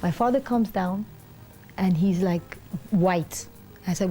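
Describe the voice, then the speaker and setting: A woman's voice: mid-range voice, moderate pace, slight background noise. A middle-aged woman, an interview guest, telling a personal story in a rambling way with many fillers, acting out the voices of the people in it. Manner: animated, acts out the voices of others.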